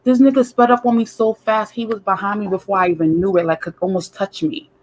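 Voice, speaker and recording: A woman guest telling a story in a casual way, animated and profane, acting out other people's voices. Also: medium pitch, fast.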